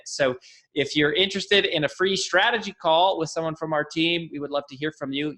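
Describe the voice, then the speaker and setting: A man reading a friendly, measured promo message at the end of a podcast. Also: on the high side, a bit bright. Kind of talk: scripted promo read.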